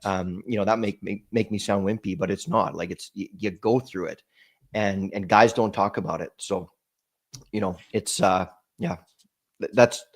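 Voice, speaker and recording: A low-pitched man, guesting on a podcast, haltingly relates an emotional story about himself, restarting often and repeating words.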